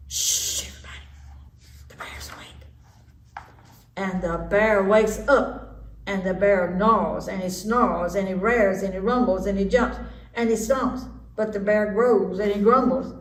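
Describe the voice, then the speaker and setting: Slow, expressive woman reading aloud. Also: mid-range voice. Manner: slow, expressive, lively storytelling. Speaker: story time reader. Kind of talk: children's read-aloud. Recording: echoey room, distant mic, faint noise.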